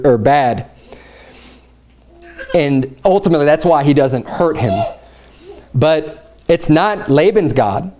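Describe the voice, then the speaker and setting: American male preacher, young, high tenor, animated Bible teaching, acts out quotes.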